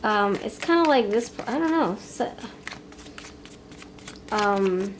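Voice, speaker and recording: A woman reads tarot in a loose, rambling way, thinking out loud and restarting her sentences, blunt when she gets frustrated. Her voice sits at a middle pitch for a woman. Clear background noise and the rustle of cards run under the home recording. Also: animated, takes it slowly. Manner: rambling, frank, thinks aloud with fillers and restarts. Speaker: tarot reader. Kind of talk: pick-a-card tarot reading.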